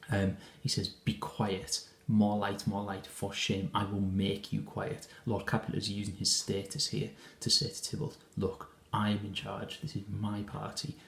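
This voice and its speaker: A man's voice: fairly low pitch, gravelly, fairly bright tone, roomy sound. A man teaching a lesson, walking through a scene of a play in an explanatory way with frequent hesitations and restarts. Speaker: English teacher.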